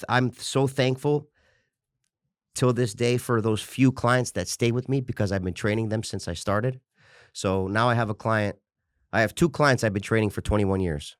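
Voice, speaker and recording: A man's voice: lowish voice, moderate pace, dry recording, clean studio sound. A man in his forties, a fitness coach, telling his story as an interview guest in a passionate, rambling way, with restarts and swearing. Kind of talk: candid personal storytelling.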